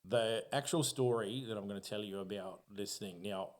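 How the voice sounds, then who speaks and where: Australian man, podcast guest, slightly low voice, swears freely, animated storyteller, casual chat. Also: normal speed. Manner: profane, animated, acts out his own reactions.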